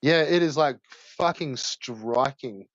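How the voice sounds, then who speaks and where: A man's voice: medium pitch, no room sound. Sweary man, dull dry sound. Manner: sweary, slangy, drawn-out "like" fillers. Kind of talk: casual chat.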